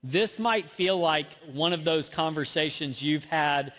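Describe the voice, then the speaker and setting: A man's voice: fairly high pitch, unhurried, fairly bright tone. A man with a Southern US accent preaching a sermon as a pastor, conversational and self-deprecating. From American South. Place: church auditorium. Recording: long reverb of a large church hall.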